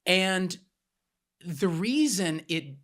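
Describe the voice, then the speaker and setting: A man's voice: sits high, animated, drawn-out words, a bit bright. A man co-hosting a podcast, patiently teaching a point with plain everyday examples. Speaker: podcast co-host.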